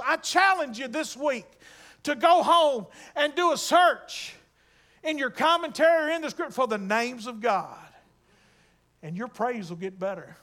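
A man preaches in a church sanctuary. His voice sits very high for a man, and he swings from low, quiet asides up to ringing, stretched-out declarations. He addresses the congregation directly and with fervor. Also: lively intonation, measured pace. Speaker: pastor. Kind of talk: sermon.

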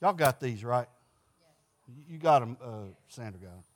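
Animated folksy man teaching Bible class. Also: mid-range voice, normal speed. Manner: folksy, poses questions to the class and answers them.

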